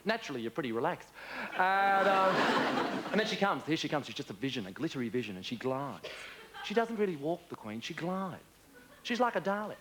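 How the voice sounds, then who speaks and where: A man's voice: on the high side, big pitch swings, brisk. An Australian man performing a camp stand-up comedy monologue in a big TV studio, chatty and swooping between put-on voices. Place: large TV studio with a laughing audience. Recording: loud studio audience laughter and noise.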